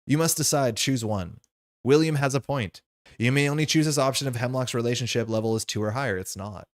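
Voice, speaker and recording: A man playing a card game on stream, thinking aloud as he explains the rules and his choices in a casual way. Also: mid-range voice.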